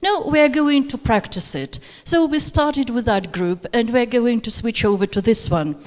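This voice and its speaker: At normal speed, in a slightly high, animated, and slightly mellow voice, a female teacher trainer hosts a live workshop for teachers. She hesitates with plenty of fillers and coaxes participants to take turns; the conference room, with an audience, sounds reverberant.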